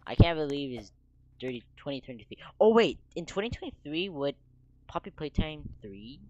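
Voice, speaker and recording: A teenage boy giving casual, rambling gameplay commentary, with sudden loud outbursts and voice cracks. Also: mid-range voice, lo-fi sound. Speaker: gaming video creator. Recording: noisy home mic recording.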